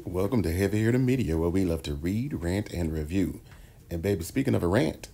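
A man's voice: low-pitched, animated, brisk, vocal fry, mellow. A man hosting a casual, sassy celebrity gossip commentary and calling his viewers "child" and "baby.". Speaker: host of a commentary channel. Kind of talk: casual pop-culture commentary.

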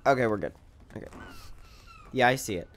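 A man streaming his first playthrough of a video game, chatting casually, reading viewer messages aloud and thinking out loud with plenty of fillers. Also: medium pitch, animated, a little fast. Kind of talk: casual gameplay commentary.

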